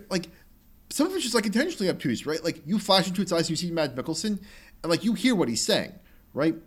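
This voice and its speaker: A young man co-hosting a casual podcast, talking about a video game in an animated, rambling way with lots of filler and quick quoted bits. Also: fairly high pitch. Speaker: podcast co-host.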